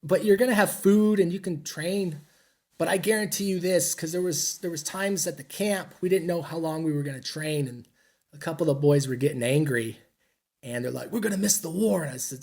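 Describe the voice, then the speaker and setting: A man's voice: a little high, fairly quick, vocal fry, a little mellow. A middle-aged American man, a military veteran, telling war stories in a rambling, blunt, profane and self-mocking way. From United States. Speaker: podcast guest, military veteran. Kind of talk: casual interview storytelling.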